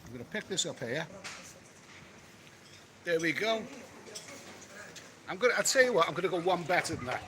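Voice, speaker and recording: A man's voice: on the high side, lively intonation, normal speed, pauses often, background noise. A man doing a rambling live-stream chat, reading out and answering viewer comments by phone from an outdoor beach cafe. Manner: chatty, rambling, repeats himself. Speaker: travel vlogger.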